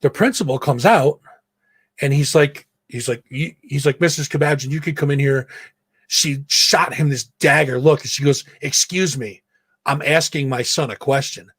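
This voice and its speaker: This podcast host's husky, medium-pitched voice comes through with no echo at a moderate pace. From his home studio he tells a casual story full of swearing, animatedly acting out the people involved. He mutes his own mic to take a vape.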